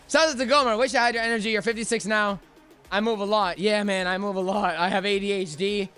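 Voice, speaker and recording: Hyped young guy streaming trading chat, high crisp voice, faint music behind. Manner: energetic, fast, chatty. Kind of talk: live stream commentary.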